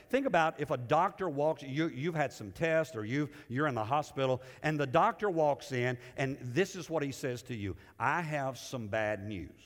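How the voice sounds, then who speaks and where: A male pastor preaching a sermon. He swings between loud, lifted lines and hushed, low ones, and often repeats words as he builds a point. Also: big-room sound.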